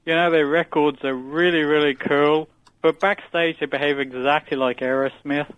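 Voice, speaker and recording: A man's voice: fairly high pitch, fairly even intonation, normal speed, clean tone, dry recording. A man calling in to a radio show, rambling in a jokey way about odd theories. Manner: rambling, jokey conspiracy musings. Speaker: caller. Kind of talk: phone-in call. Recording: dull phone line.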